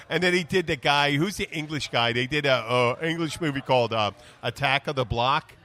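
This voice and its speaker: A man's voice: a little high, moderate pace, hardly any pauses, pushed and bright. A man with an American accent hosting a podcast in loose, rambling casual chat, swearing and laughing often. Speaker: podcast host.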